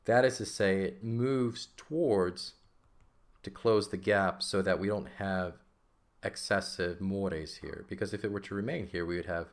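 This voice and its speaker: A man with a very low voice explains a lesson step by step. He is patient and keeps checking in with his listeners as he goes. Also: measured pace. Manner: patient, checks in with frequent "okay?" and "right?". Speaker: teacher. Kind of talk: classroom explanation of a textbook.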